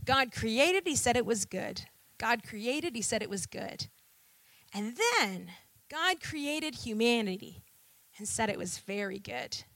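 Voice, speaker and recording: A woman's voice: on the high side, animated, slow pace, fairly bright tone, no echo. A woman preaching a sermon to a congregation, with rhetorical questions and call-and-response.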